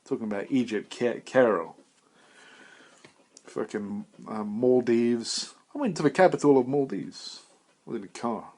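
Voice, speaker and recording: A man's voice: mid-range voice, a little slow, pauses often, darkish tone. Man in his 20s, rambling sweary monologue, mocks himself a lot. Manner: profane, meandering, self-mocking. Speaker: podcast host.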